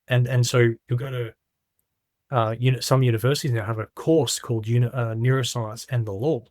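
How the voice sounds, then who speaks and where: A man's voice: medium pitch, steady tone, a little mellow, dry recording, clean studio sound. Emphatic man telling stories. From Australia. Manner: emphatic storyteller, quick rhetorical questions. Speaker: podcast guest. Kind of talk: casual podcast conversation.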